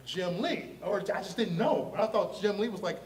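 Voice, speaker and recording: A man from Ohio, a comic artist telling his story in a lively, slangy way, laughing often and acting out the voices of the people in it. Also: high-pitched, moderate pace, distant mic, a crowd in the background. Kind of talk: animated storytelling on a podcast.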